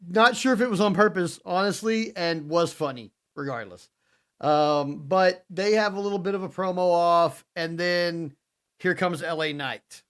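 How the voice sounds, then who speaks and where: A man co-hosting a podcast, telling a wrestling recap as an animated storyteller. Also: high-pitched, normal speed, clear, resonant tone. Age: adult father. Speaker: podcast co-host. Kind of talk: casual wrestling recap chat.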